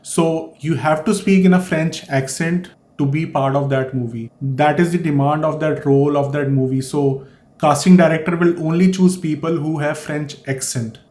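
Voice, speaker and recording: A man's voice: fairly high pitch, steady tone, moderate pace, darkish tone. A man from India with an Indian accent, giving earnest, explanatory advice in a vlog and repeating his key points. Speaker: vlogger. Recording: echoey room.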